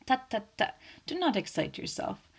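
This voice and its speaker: A woman voicing an elderly, fussy male Belgian detective, speaking gently and ironically in an audiobook. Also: medium pitch, sing-song, moderate pace, vocal fry, breathy edge, voice pushed up, heavily acted. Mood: ironic, teasing. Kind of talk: audiobook character voice.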